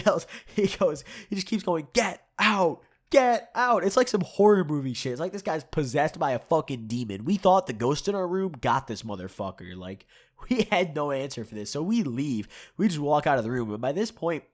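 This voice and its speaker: A man's voice: on the high side, darkish tone. A young man with a stuffed-up nose and sore throat, telling a rambling, profane story to his channel and chuckling often. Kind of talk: casual storytime.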